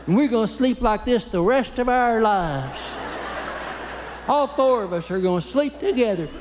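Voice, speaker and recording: A man voicing little boys whining and pleading with their daddy in a high, kiddish voice. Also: lively intonation, moderate pace, noisy background. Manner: high-pitched pleading kid voice. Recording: live hall with long reverb.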